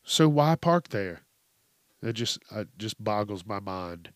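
Guy ranting slow and sweary on his podcast, dry close sound. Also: lowish voice, lively intonation, no room sound. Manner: profane, ranting, exasperated storytelling. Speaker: podcast host. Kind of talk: casual comedic monologue.

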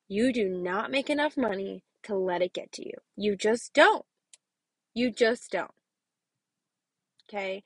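A kindergarten teacher hosts a laid-back motivational podcast in a voice that sits on the high side, expressive and a little slow, with no room sound. She speaks emphatically, keeps asking her listener "okay?", and sinks to a whisper to drive home key points.

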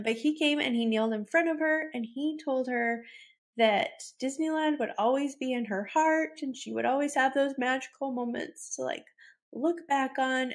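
Podcast host, woman in her thirties, chatty storyteller who gets teary and laughs it off. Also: a little high. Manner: emotional, tearful and laughing while telling stories. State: choked up, near tears. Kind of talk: casual storytelling.

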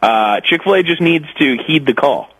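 A man's voice: a little high, expressive, moderate pace, narrow, tinny audio, a little hiss or hum. A young man co-hosting a casual podcast, talking in an easygoing, enthusiastic, rambling way. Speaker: podcast co-host.

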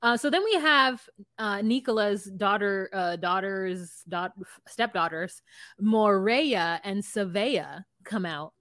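A woman's voice: mid-range voice, slow, dry recording, clean studio sound. Blunt, profane woman podcast co-host. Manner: blunt, profane and animated, often laughing. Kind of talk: casual recap chat.

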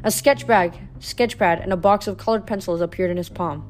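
A woman's voice: on the low side, brisk, few pauses, soft background music. A woman reading a novel aloud, telling the story steadily with small slips and corrections. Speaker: audiobook reader.

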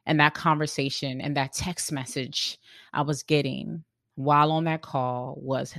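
Earnest podcast host with a gravelly edge. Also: medium pitch, steady tone, a little slow, fairly bright tone, no echo, studio quality. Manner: earnest and searching, often restarting phrases. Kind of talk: reflective podcast monologue on leadership.

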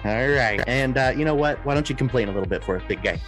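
A man's voice: mid-range voice, lively intonation, fast talker, over loud music. A man hosting a casual podcast who sounds upbeat and playful. His intonation rises and falls freely as he jokes with his guests. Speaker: podcast host.

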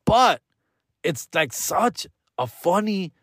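A man's voice: high voice, sing-song, slow, fairly bright tone, breathy edge, no echo, clean studio sound. A man, a stand-up comedian hosting his podcast, telling a story in loose, profane slang and calling listeners fool and dog. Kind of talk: casual storytelling monologue.

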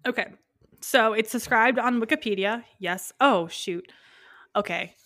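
A woman's voice: on the high side, sharp tone, no room sound, studio quality. A woman in her twenties co-hosting a podcast, chatting casually and joking often. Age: 20s. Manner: joking, chatty, quick laughs. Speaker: podcast co-host. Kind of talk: casual chat.

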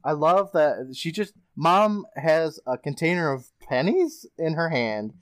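Male podcast host, animated, loose and profane storyteller, dry booth sound. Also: on the high side, measured pace, no echo. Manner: laughing, swearing recap storyteller. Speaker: podcast host recapping an episode. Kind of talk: casual podcast chat.

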